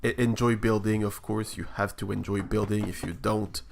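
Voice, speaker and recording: A man's voice: on the low side, steady tone, moderate pace, gravelly, a little hiss or hum. A man streaming a building game, talking over his play in a hesitant, reflective way with many restarts. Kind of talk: casual live-stream chat while building.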